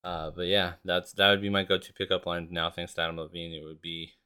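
Deep, bright-toned man rambling casually. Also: monotone, a little fast, clean tone. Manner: profane, self-mocking, laughs often; rambling with restarts. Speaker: podcast host. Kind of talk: casual solo podcast chat.

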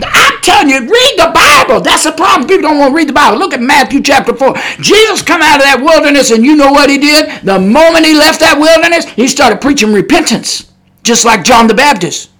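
High, bright-voiced fiery male preacher. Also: animated, brisk. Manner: emphatic preaching with rhetorical questions and sudden shouts; folksy, blunt wording. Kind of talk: podcast sermon.

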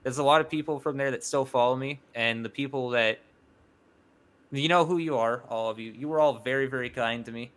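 A man's voice: medium pitch, fairly quick, fairly bright tone. A man talking as a podcast guest in casual chat, rambling with lots of fillers and swearing.

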